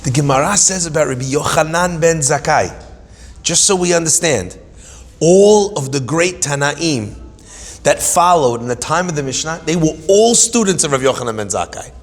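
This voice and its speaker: A man gives an animated Torah class, moving between stories and humorous asides. His voice sits on the higher side and carries dramatic emphasis. The sound has the long reverb of a hall. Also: normal speed. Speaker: Torah teacher.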